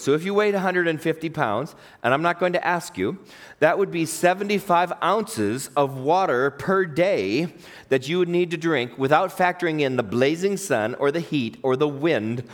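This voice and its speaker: A man preaching a sermon, his fairly high voice rising and falling with animated emphasis. He reads scripture aloud and puts questions to the congregation. His voice rings out with the long reverb of a large hall. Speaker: pastor.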